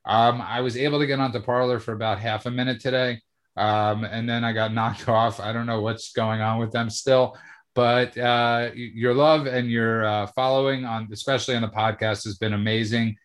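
A man's voice: medium pitch, flat delivery, normal speed. A man co-hosting a podcast who stammers and restarts his sentences as he chats and reads show plugs. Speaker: podcast co-host. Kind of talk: casual podcast talk with promo reads.

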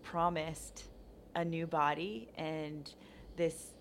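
Woman, low voice, earnest, reflective, conversational, faint background noise. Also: steady tone, very slow, vocal fry. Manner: earnest, reflective, many restarts. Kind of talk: casual faith conversation.

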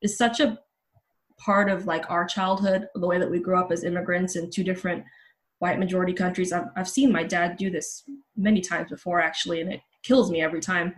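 A woman's voice: lowish voice, steady tone, a little fast. A woman in her thirties, a journalist guest on a podcast, recounting a personal story candidly with frequent casual fillers over a remote call. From Los Angeles.

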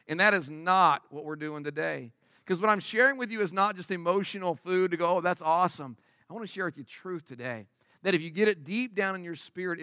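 Bright, high-voiced preaching man. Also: clear, resonant tone, no room sound, studio quality. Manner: emphatic, conversational preaching with rhetorical questions. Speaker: pastor. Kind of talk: sermon. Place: church service before a congregation.

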